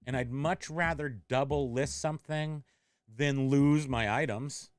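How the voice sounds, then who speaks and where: A man's voice: medium pitch, measured pace, clear, resonant tone, no echo, studio quality. A middle-aged man hosting a casual livestream, rambling and interrupting himself as he reads chat comments aloud. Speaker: online reseller and livestream host.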